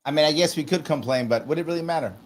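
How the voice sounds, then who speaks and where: Emphatic man in his forties. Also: racing. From United States. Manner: emphatic, acts out little dialogues with rising pitch. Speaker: podcast guest, management consultant. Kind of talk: casual conversation.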